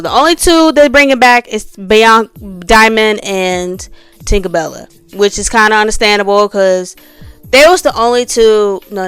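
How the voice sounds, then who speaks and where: A woman talks casually through ratings of reality show cast members, full of fillers and mocking whiny imitations. Her voice is smooth and sits a bit high. Faint music plays under her. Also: a bit bright.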